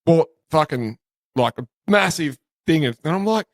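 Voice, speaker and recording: A man's voice: fairly high pitch, animated, normal speed. Laughing Australian man telling rambling stories. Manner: rambling storyteller, laughs a lot, swears freely. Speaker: podcast host. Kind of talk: crude casual banter.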